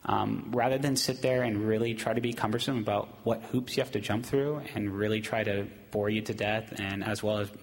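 Man, city staffer, steady near-monotone meeting report, lowish voice, reverberant chamber. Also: a little fast, few pauses. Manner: steady, self-described monotone, many ums. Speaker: city staff presenting to council. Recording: long hall reverb in council chamber.

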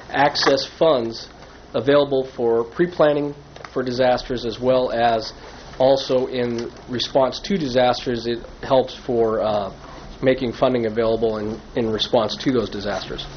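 Hoarse officer delivering a halting staff report to council, muffled lo-fi meeting audio with faint hiss. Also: male voice, mid-range voice, fairly even intonation. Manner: halting, many filler pauses. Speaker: police lieutenant giving a staff report.

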